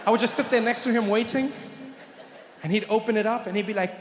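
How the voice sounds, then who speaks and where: A male stand-up comedian tells a story to a live theater audience. He is animated and keeps checking in with "right?". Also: sits high, fast talker, long pauses, background noise. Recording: echoey hall, live stand-up venue.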